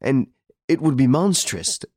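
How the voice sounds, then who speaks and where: A man's voice: mid-range voice, expressive, normal speed, darkish tone, slightly rough, dry recording, clean studio sound, voice pushed up. A man voicing an agitated young man who stammers and insists in a storybook reading. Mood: distraught.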